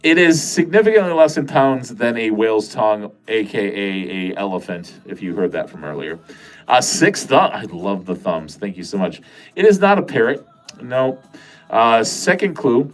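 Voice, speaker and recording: A man's voice: fairly low pitch, moderate pace. Nasal wisconsin guy rambling on his livestream, swears a bunch, bit of music in the back. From Wisconsin, USA. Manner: rambling, animated, swears casually. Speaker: livestream host. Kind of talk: casual livestream chat with viewers.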